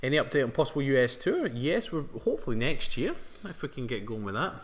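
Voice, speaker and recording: A man's voice: medium pitch, big pitch swings, fast. Scottish guy cracking jokes on a live stream, echoey room. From Scotland. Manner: jokey, teasing banter. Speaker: fitness coach co-host.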